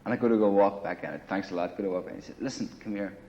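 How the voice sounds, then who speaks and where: A man's voice: on the low side, rapid-fire, mellow, slight background noise. A man casually telling a long war story in a grungy apartment, rambling and profane, with lots of "you know" and "right.". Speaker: interviewee telling war stories. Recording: dull lo-fi 1980 film audio.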